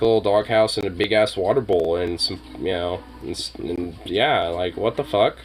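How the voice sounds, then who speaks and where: A man's voice: medium pitch, a little hiss or hum. A drunk man streaming, chatting casually in a rambling, profane way. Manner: rambling, profane, laid-back. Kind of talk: casual live-stream chat.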